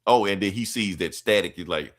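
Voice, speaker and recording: A man's voice: low-pitched, fairly quick, fairly bright tone. A young adult man hosting a podcast, recapping a comic in a rambling, slangy, profane and offhand way. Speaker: podcast host.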